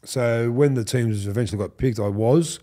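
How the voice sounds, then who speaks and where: Mid-range in pitch and normal in speed, this voice is an Australian man in his fifties who once played rugby league. Guesting on a podcast, he chats casually and tells animated stories, acting out quotes, swearing and laughing.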